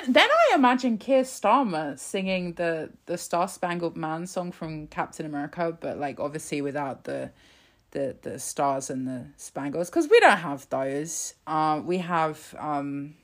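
A woman's voice: sits low, expressive, unhurried. A woman hosting a political podcast in casual, sarcastic commentary, swearing freely and laughing at her own tangents.

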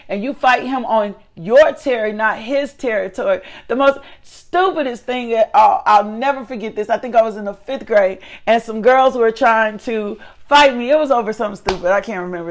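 A middle-aged woman hosting a faith talk show, preaching with fervent, emphatic repetition. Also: on the high side. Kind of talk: preaching, motivational devotional talk. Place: her living room.

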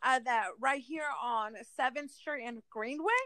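Woman podcast co-host, high voice, chatty and emphatic, dry close mic. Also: a little slow, fairly bright tone, no echo. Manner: chatty and emphatic, peppered with fillers and swearing. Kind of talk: casual chat.

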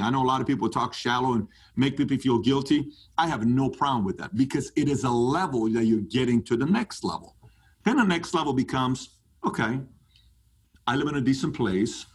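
A man talking as a podcast guest, emphatic and animated, pitch climbing when he gets fired up. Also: slightly rough. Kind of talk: animated interview talk.

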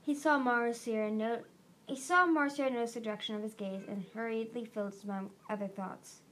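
Woman reading a dragon book out loud, kinda high voice, little restarts here and there. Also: brisk, a little hiss or hum. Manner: steady reading with small restarts. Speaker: audiobook reader. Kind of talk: reading a fantasy novel aloud.

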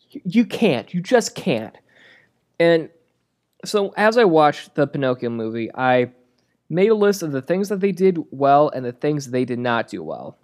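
A movie reviewer delivering a comedic rant in a sarcastic, crude and exasperated way. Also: mid-range voice.

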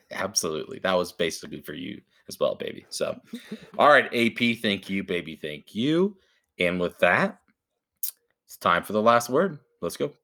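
A man's voice: deep voice, sing-song, normal speed, vocal fry, pushed and bright. A man hosting a casual sports chat podcast, laid-back and joking. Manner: laid-back, joking, calls cohost baby. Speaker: podcast host.

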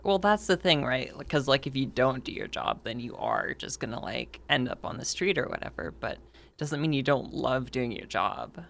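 A woman player in a tabletop role-play who argues in character in a rambling way. Her voice is very low and gravelly. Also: sing-song, moderate pace. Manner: rambling, argumentative.

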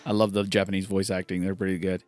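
A man's voice: deep voice, flat delivery, fast, a little mellow, soft background music. A man casually talking through a video game, chatty and enthusiastic as he retells what the characters say. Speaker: gameplay commentator. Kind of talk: casual let's-play commentary.

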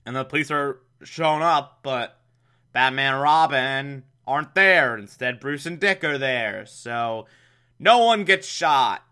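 A man's voice: mid-range voice, a little slow, sharp tone, clear, resonant tone. A man giving a sarcastic, exasperated recap of an old TV episode, mocking it and laughing at it. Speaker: show recapper.

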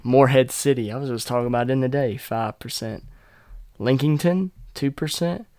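A man's voice: medium pitch, expressive, normal speed, warm tone, no echo, studio quality. A young man hosting his own podcast, chatting casually, rambling, joking crudely and laughing often. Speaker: podcast host. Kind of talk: casual solo podcast chat.

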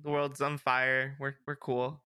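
A young man hosting a casual podcast, his voice bright and forward. He rambles along with plenty of fillers and restarts, and the recording is close and dry. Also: mid-range voice, level tone, unhurried, clear, resonant tone, dry recording. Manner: chatty, rambling, filler-heavy. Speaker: podcast host. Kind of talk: casual chat.

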